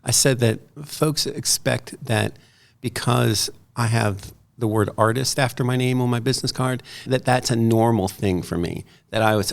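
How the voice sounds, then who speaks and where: A middle-aged man, an artist and author, talking casually as a guest and telling animated stories. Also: medium pitch, moderate pace, vocal fry. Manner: animated storyteller, quoting others in lively voices. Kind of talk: casual conversation.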